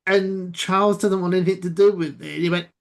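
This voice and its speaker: Slow, thoughtful woman on a video call. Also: on the low side, steady tone. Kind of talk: casual chat on a video call.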